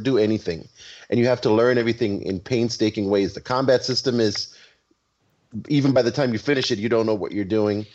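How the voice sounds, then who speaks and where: A man's voice: medium pitch, darkish tone. A man chatting on a podcast panel, hesitant with many ums and restarts, over an online call. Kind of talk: casual chat. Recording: muffled online call audio.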